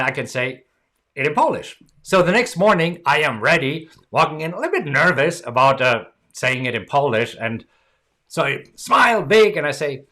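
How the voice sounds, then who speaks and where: Man, trading-show host, casual chatty storyteller, average pitch. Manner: chatty, animated anecdote with many fillers.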